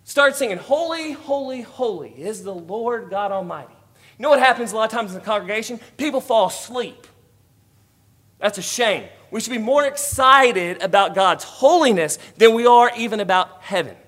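High-voiced preacher swinging loud to soft. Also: male voice, normal speed. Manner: rising to emphatic, loud declarations, then dropping to quiet asides. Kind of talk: sermon.

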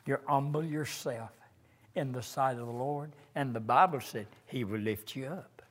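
An older man preaching a sermon in a slow, earnest way, reciting hymn lines with rising emphasis. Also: medium pitch, a bit bright.

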